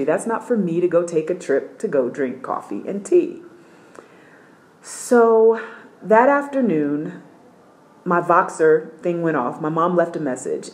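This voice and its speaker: A middle-aged woman with a fairly low voice recounts a personal testimony from her apartment. She tells it in an animated, emphatic way, acting out each voice in the dialogue with plenty of swings in energy. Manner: acts out dialogue, lively and emphatic. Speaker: missionary sharing a testimony.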